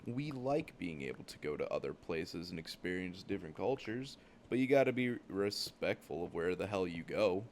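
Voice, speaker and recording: A young man from the United States tells loose travel stories while he plays a game. His voice sits very low, and he rambles, swears freely and leans on "like" as filler. A faint hiss runs under the recording. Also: expressive, moderate pace, hardly any pauses, a little mellow. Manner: rambling, profane, many "like" fillers. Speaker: gaming channel host. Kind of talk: casual storytelling while gaming.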